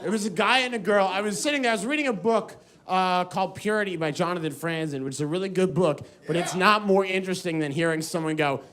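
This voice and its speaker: A man's voice: sits high, fast, few pauses. An American man performing stand-up comedy, telling a story and acting out the voices of the people in it. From United States. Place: comedy club stage with live audience. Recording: live stage recording, loud crowd laughter.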